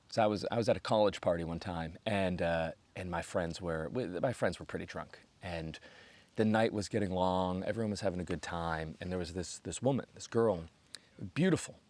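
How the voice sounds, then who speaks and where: A man from the United States, in his thirties, spins a rambling comic anecdote in a fairly low voice. He keeps breaking into animated impressions of the people in his story, and his pitch leaps high when he quotes them. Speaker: comedian host. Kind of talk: storytelling stand-up monologue.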